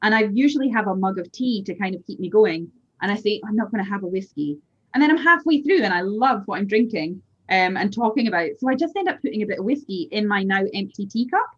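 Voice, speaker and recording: A Scottish woman talking casually over a video call, chatty and animated as she tells self-deprecating stories. Her pitch sits in an ordinary middle range. The audio is a little dull and lo-fi. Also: fast talker, few pauses, husky. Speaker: whisky blender, guest.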